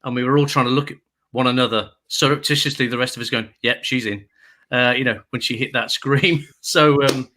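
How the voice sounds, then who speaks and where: An English man on a relaxed chat show, trading stories and quick jokes. His tone is bright and forward. He is a seasoned talker at an easy, mid pitch. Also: slight background noise. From England. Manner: chatty anecdotes with jokes, puts on voices in quotes. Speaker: guest radio presenter. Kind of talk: casual chat, storytelling.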